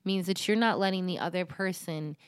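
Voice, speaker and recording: A woman co-hosting a podcast, chatting casually and animatedly, laughing and thinking out loud. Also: fairly low pitch, fairly quick, smooth, dry recording, clean studio sound. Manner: animated, laughs often, muses aloud. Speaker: podcast co-host. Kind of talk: casual chat.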